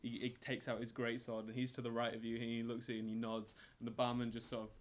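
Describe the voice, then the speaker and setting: A man's voice: medium pitch, monotone, fast talker. A man, narrating a tabletop game as game master in a loose, rambling way with many restarts. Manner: rambling, repeats words while narrating.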